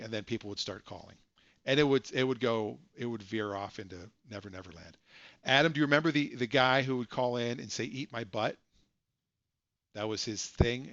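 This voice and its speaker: A man's voice: medium pitch, a bit bright, no room sound, dull audio. A man hosting a casual live stream, telling rambling stories and correcting himself as he goes, from a home setup. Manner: rambling, self-correcting storyteller.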